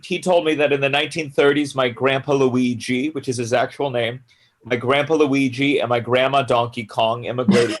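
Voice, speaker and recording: A man doing a stand-up set over a video call, chuckling at his own jokes. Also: on the high side. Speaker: stand-up comedian. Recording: loud background noise on a video call.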